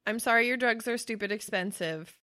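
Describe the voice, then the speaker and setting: A woman's voice: on the high side, fairly quick, pushed and bright. A young woman co-hosting a casual podcast chat, swearing freely and laughing often as she talks. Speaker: podcast co-host.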